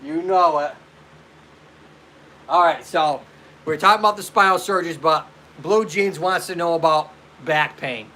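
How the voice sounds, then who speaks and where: Bright-voiced chatty male live streamer. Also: a little high, a little slow, pauses often. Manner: chatty, greets viewers by name and answers their questions. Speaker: physical therapist host. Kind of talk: casual live stream chat.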